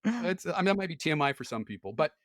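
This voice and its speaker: A man's voice: a little high, very animated, quick pace, no room sound, clean studio sound. A man talking candidly as a podcast guest, explaining things frankly with occasional laughs. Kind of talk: casual conversation.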